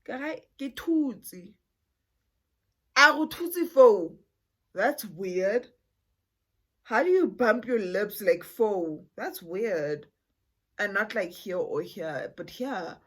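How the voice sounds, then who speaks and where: A young woman voicing her skeptical, teasing aunt, who asks probing questions in a drawn-out, mocking way. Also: mid-range voice, sing-song, breathy edge, exaggerated voice.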